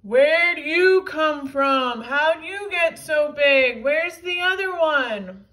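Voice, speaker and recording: A woman voicing a loud, gloating male villain who shouts his lines. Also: high voice, expressive, slow pace, voice pushed up, exaggerated voice, rough recording. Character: loud boastful male villain robot-suited.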